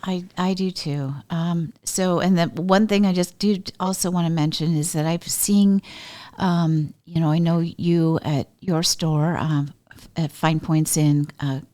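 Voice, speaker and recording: Chatty low-voiced woman host. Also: steady tone, a little slow, a little mellow. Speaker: podcast host. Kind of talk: casual podcast conversation.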